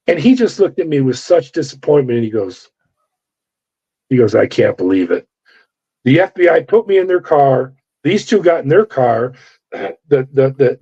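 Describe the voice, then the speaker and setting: A man's voice: a little high, mellow, breathy edge. A middle-aged man from California, a former corrections officer, telling his story in an interview and acting out the voices of the people in it. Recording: dull lo-fi audio.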